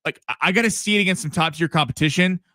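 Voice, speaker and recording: Guy cohosting sports radio, bright sharp voice, dry mic, lots of restarts. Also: fairly high pitch, rapid-fire, no echo. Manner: opinionated, many restarts. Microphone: studio mic.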